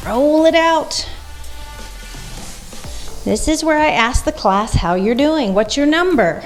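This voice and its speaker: A woman's voice: high-pitched, animated, slow, pauses often, faint music behind. A woman leading a guided workout class as fitness instructor, coaching moves and counting reps aloud.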